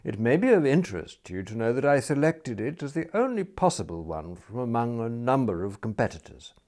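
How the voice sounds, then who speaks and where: Man playing a mock-solemn, genial gentleman. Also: medium pitch, sing-song, fairly quick, voice pushed up, natural voice. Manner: cordial, ornate, mock-solemn. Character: genial, grandiloquent gentleman of leisure.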